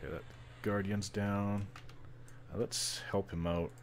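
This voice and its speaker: This Canadian gamer from British Columbia has a lowish, level voice and a measured pace, with slight hiss or hum behind him. He casually narrates his online play, rambling, poking fun at himself, and stumbling over words.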